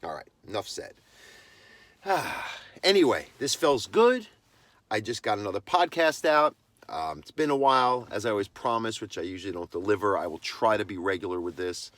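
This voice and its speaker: A man's voice: on the low side, sing-song, moderate pace, fairly bright tone, no echo. A man who trains dogs, hosting his own podcast and delivering a blunt, impassioned monologue. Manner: impassioned ranting, blunt and emphatic. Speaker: podcast host and dog trainer.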